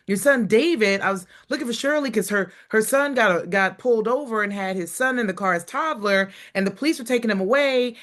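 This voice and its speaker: A woman comedian chatting casually, teasing her co-hosts and acting out the people in her story. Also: medium pitch. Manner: teasing, chimes in with quips and acts out quoted callers. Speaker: comedian and podcast co-host. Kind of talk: casual chat.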